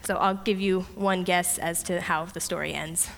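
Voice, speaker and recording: A woman preaching a lively sermon, retelling a story with playful voices for the characters. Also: on the low side, moderate pace, gravelly. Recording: long hall reverb.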